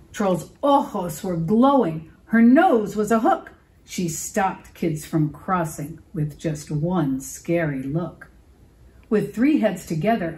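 A woman librarian reads a children's picture book aloud at an unhurried pace. Her voice moves a lot in pitch, and she pauses to ask her young listeners questions. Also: a little hiss or hum, rough recording. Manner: expressive, asks children questions.

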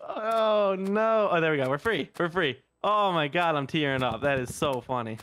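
A man's voice: fairly high pitch, lively intonation, moderate pace, fairly bright tone, a little hiss or hum. A man playing a co-op game with a friend, chatting casually and laughing often. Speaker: co-op gaming partner. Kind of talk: casual gameplay chat.

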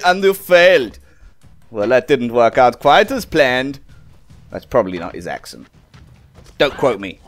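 Male gaming host, fairly high and very lively voice, excitable and self-mocking, faint music behind. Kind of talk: casual game commentary.

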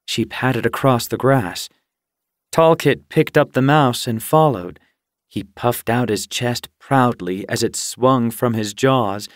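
A man narrating an audiobook in a measured, even storytelling voice, recorded in a studio booth. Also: medium pitch, no room sound. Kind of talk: scripted narration. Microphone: studio mic.

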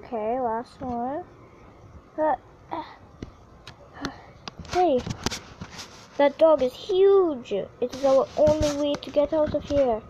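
A woman giving casual, excitable commentary on her own gameplay, yelping whenever she falls. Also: high voice, takes it slowly, pauses often, lo-fi sound, slight background noise. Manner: chatty and excitable, yelps when falling. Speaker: gaming YouTuber.

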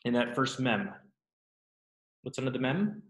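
In an echoey room, a man with a mid-range voice teaches a Hebrew grammar class, guiding students through the exercises. His classroom lesson is relaxed, sprinkled with self-deprecating asides and quick questions.

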